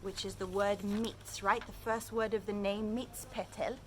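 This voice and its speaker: Speaking a little slowly in a mid-range voice, a female storyteller and Hebrew teacher reads a picture book to kids and follows up with a vocabulary lesson. She's lively and keeps questioning the children. Some slight background noise is present.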